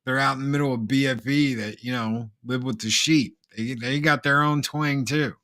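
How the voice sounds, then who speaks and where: A man's voice: medium pitch, fairly even intonation, normal speed, a bit bright. A man in a casual film discussion, talking in a folksy storytelling way.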